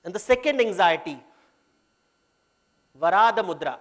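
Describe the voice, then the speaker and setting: A man's voice: high-pitched, expressive, normal speed. A man with an Indian English accent giving a workshop talk on leadership, telling stories from myth and slipping Hindi phrases into his English. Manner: mixes Hindi phrases into English, retells myths. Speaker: workshop speaker. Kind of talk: storytelling business lecture.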